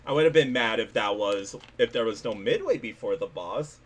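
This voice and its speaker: A young man commenting live on a game he is playing for his chat, excitable and quick to laugh and yelp. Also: lowish voice, slight background noise. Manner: excitable, laughs and yelps often. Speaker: gaming streamer.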